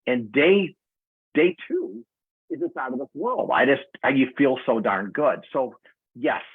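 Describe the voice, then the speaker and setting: Sixties man, upbeat casual sharer on a video call, husky and thin, like a phone line. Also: mid-range voice, animated, a little slow, no room sound. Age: 60s. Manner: enthusiastic storytelling. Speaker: community member. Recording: tinny phone-like audio.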